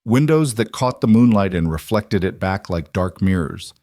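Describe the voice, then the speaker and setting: Male audiobook narrator for a frontier tale, low, measured, dry close mic. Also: dry recording. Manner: steady, measured storytelling.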